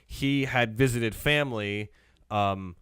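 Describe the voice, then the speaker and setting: A man, co-hosting a casual talk show in an earnest, measured way. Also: mid-range voice, a bit bright, clean tone, no room sound, clean studio sound. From Memphis, Tennessee. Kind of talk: casual chat.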